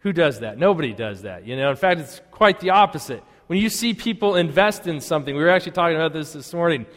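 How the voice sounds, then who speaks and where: An earnest male pastor preaching in a church, his fairly high voice carrying through a long, ringing reverb. He pauses often and sinks to a near hush on the phrases he wants to land. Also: expressive. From United States. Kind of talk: sermon. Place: church sanctuary.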